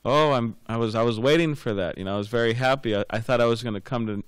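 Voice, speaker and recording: A man's voice: mid-range voice, quick pace, clean tone, dry recording. A man giving a scripture class, rambling and repeating words with many fillers, telling anecdotes. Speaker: class speaker.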